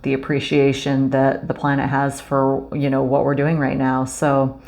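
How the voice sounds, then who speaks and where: A woman's voice: very deep voice, monotone, normal speed, darkish tone. A woman giving a casual oracle card reading, effusive and gushing, with many fillers. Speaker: spiritual card reader.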